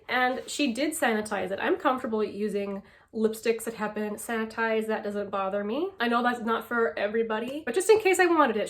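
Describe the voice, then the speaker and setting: A woman beauty vlogger chatting casually to the camera, enthusiastic and quick to laugh as she talks through her products. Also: a little high. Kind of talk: casual makeup chat to camera.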